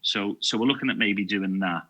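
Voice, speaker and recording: Liverpool-accented man, bright voice. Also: fairly low pitch, normal speed, muffled recording. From England. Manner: enthusiastic, stumbling restarts and repeated words. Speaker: podcast guest, security awareness video maker. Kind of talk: casual podcast conversation.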